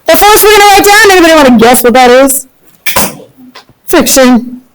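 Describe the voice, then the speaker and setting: Woman teacher with a high voice walking a classroom through friction, upbeat, keeps asking if everyone's ok. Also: lively intonation, normal speed, very noisy. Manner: upbeat, checks in with students often. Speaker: physics teacher. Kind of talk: classroom lecture.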